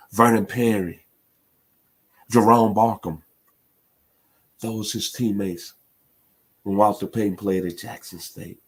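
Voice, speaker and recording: A middle-aged man from Memphis holds forth on sports talk radio. His voice sits on the low side and carries a husky grain. He talks with emphatic passion, pushing his key points into loud peaks. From Memphis, Tennessee.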